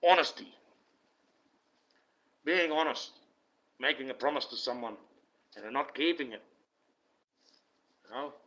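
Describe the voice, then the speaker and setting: A man's voice: medium pitch, measured pace, pauses often, bright, forceful tone. A man, a self-styled online preacher, delivering a blunt, profane, indignant rant. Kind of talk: ranting monologue. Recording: dull lo-fi recording.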